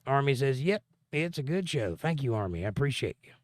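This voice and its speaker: A man's voice: mid-range voice, big pitch swings, a little fast, no room sound. A man hosting a livestream, reading viewer comments aloud and answering them with dry, sarcastic jokes. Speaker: livestream host.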